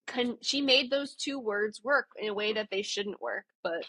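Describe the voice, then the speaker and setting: Bright, husky-voiced woman podcast co-host. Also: on the high side, normal speed. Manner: chatty, thoughtful, restarts phrases. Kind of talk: casual podcast chat.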